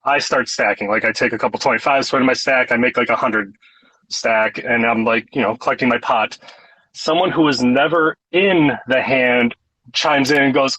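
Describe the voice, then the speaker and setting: A man's voice: mid-range voice, a little fast, no room sound, poor audio. A man on a call telling a story from his poker game, acting out what the other players and the dealer said. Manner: animated, acts out what others said. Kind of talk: casual storytelling.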